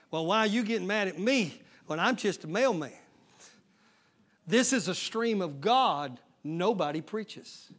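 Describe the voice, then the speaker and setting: A male pastor preaching a sermon, swelling into loud shouted passages. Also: high-pitched. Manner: preaching with sudden shouted surges and folksy Southern-style talk.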